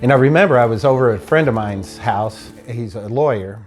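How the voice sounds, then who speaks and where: A man telling his own true story in an animated, frustrated way, acting out the people he dealt with. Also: mid-range voice, a little fast, soft background music. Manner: animated, frustrated retelling with quoted dialogue. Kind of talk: personal storytelling.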